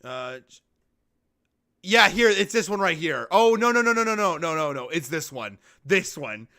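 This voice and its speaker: A young man giving casual reaction commentary to a video, excitable and swearing. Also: a little high, a little slow. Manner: excitable, swearing, breaking into loud outbursts.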